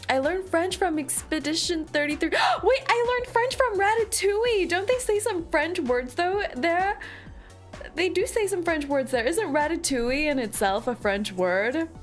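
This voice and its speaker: A woman streaming a game, chatting to her viewers in a giggly, animated way. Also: high-pitched, moderate pace, faint music behind. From United States. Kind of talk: casual livestream chat.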